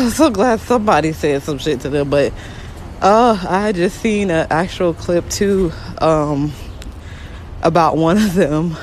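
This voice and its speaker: Woman, voice message, rambling, animated, vehicle noise. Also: on the low side, slow. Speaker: caller leaving a voice message. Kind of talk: casual chat.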